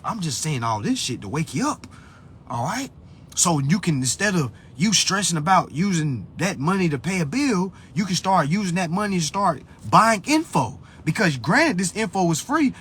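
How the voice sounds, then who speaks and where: On a phone mic with slight background noise, a man bluntly rants to his live-stream viewers in a profane motivational tirade, swearing often and lecturing like a preacher. His high voice swings widely in pitch at a moderate pace.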